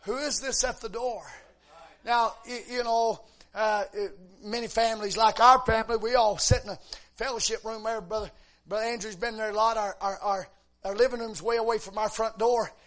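High-voiced man preaching a fervent sermon. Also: fairly even intonation, normal speed, a bit bright.

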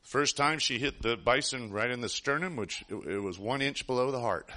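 Bright-voiced man preaching through a story. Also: mid-range voice, normal speed. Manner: earnest, rambling, with frequent restarts. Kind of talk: sermon storytelling.

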